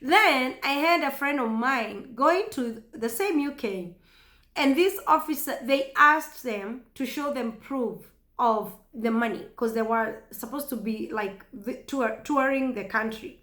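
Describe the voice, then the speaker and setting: A woman with a Kenyan accent telling a story casually to camera, chatty and animated, often laughing. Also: a little high, unhurried. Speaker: vlogger. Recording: echoey room.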